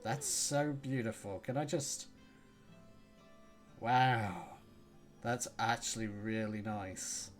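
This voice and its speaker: A woman's voice: a bass voice, fairly even intonation, takes it slowly, long pauses, soft background music. A woman casually commenting on a game as she plays, chatty and jokey and reacting aloud to what happens on screen. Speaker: let's play gamer.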